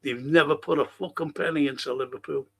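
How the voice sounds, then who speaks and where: A man's voice: a little high, fairly even intonation, fairly quick, a bit bright, slightly rough. A man hosting a livestream podcast, reading out chat comments and ranting heatedly with constant swearing and rhetorical questions. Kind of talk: profane livestream rant.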